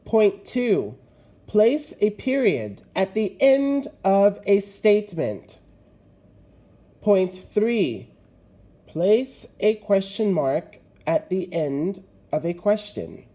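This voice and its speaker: Slow, lively-toned male teacher. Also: high-pitched. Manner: slow, deliberate, stressing key words. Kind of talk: recorded remote grammar lesson.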